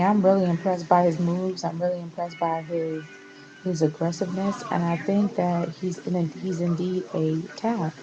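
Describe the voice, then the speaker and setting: A woman's voice: fairly low pitch, highs cut off, background noise. A woman vlogger giving a passionate, exasperated rant in a casual rambling style, often restarting her sentences. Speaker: wrestling vlogger. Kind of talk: casual opinion rant to camera.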